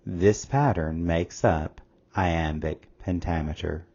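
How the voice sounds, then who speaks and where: A man reading a scripted test-prep lesson as a tutor, reading questions and answer options aloud in a measured way. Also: low voice, darkish tone, dull audio.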